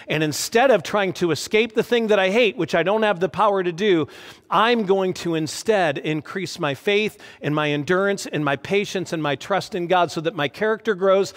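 A man preaching a sermon as a pastor, earnest and emotional, with lively emphasis. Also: high voice. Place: church hall. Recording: long hall reverb.

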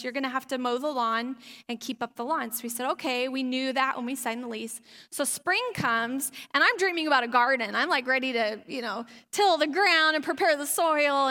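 A woman's voice: high-pitched, sharp tone. A woman pastor giving a conversational sermon, reading scripture and acting out little asides. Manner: conversational preaching with acted asides. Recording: long hall reverb.

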